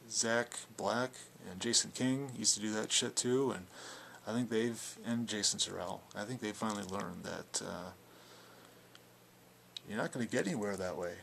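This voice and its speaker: A young man speaks in a low, gravelly voice, his delivery rambling and full of filler words. He sounds defiant as he addresses critics directly, and a faint background hiss sits under the recording. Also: normal speed, fairly bright tone. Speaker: video blogger. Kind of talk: casual spoken response video.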